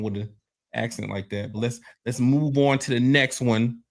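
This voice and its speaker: A man's voice: mid-range voice, fairly even intonation, moderate pace. Guy hosting a podcast, aave, cussing and joking around, easygoing. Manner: loose, profane, joking. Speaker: podcast host. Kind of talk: casual chat.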